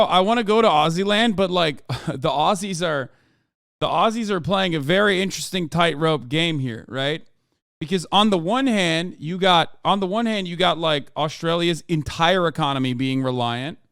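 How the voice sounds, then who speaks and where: A man's voice: fairly high pitch, moderate pace, fairly bright tone, clean tone, no echo, studio quality. A man in his thirties ranting loosely and profanely as he reacts to the news on his livestream. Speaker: streamer. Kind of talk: casual livestream commentary.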